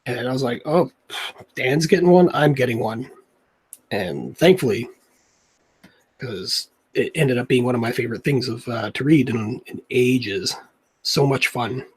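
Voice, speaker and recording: A man's voice: medium pitch, slightly rough. A young man, a comic artist, chatting in a rambling, laid-back way while he draws at home. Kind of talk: casual chat while drawing.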